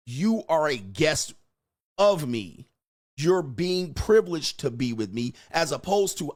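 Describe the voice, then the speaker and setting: A man lecturing on dating in a blunt, emphatic way, swearing and acting out quoted exchanges. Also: medium pitch. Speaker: dating advice host. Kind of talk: lecturing monologue.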